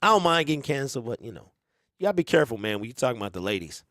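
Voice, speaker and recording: A man's voice: mid-range voice, big pitch swings, racing, fairly bright tone, no echo, studio quality. A man hosting a sports talk show, giving rambling, conversational commentary with emphatic opinions.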